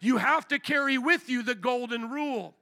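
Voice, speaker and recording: A man's voice: very high voice, normal speed, bright, forceful tone. A man preaching a sermon at a church service, fervent and repetitive, with rhetorical questions. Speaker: pastor.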